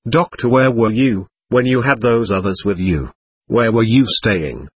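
A man reading the part of a calm, patient male doctor who explains things to a spirit, in a husky voice. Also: medium pitch, measured pace, no room sound.

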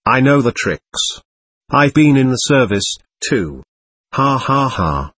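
A man voicing an excitable, proud nobleman under police questioning, talking on and on in a defiant way. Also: mid-range voice, slow pace, husky, no room sound, full character voice. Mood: defiant, voluble. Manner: voluble, defiant, laughing nervously.

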